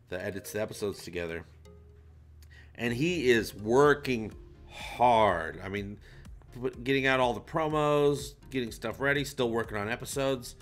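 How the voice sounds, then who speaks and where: A male livestream host talks loosely and casually, reading viewer comments aloud and swearing now and then. His voice has a bright, forward tone. Faint music plays underneath. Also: fairly low pitch.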